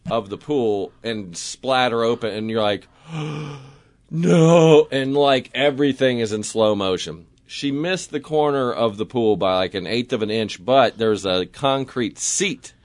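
A radio host telling a funny story in a casual, animated way, acting out the people in it with big jumps in his voice. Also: on the low side, unhurried, hardly any pauses, no echo.

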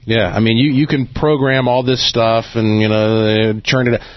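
A man hosting a late-night radio talk show in a chatty, relaxed way, laughing often, talking into a studio microphone. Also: mid-range voice, moderate pace, dry recording, highs cut off.

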